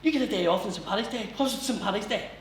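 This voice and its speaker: A man's voice: high voice, racing, slight background noise. A man doing stand-up comedy, telling a story in a swearing, conversational way. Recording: echoey room heard from far off.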